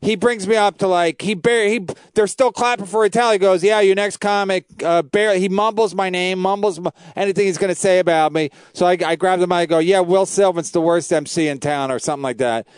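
A man's voice: high voice, fairly even intonation, a little fast, few pauses, clean tone, dry recording. A man, a comedian and podcast host, telling rambling profane stories in casual chat.

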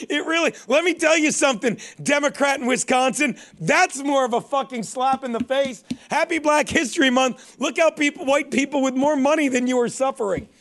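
A man's voice: very high voice, normal speed, a bit bright. A man hosting a comedy talk show, rambling and joking at his own expense. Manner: rambling, joking, self-mocking. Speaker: show host.

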